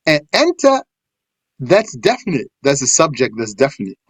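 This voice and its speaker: A man giving a tafsir lesson, reciting verses and explaining them in English, with animated pitch leaps on points of emphasis. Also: normal speed, slightly rough, no echo. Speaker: Quran teacher.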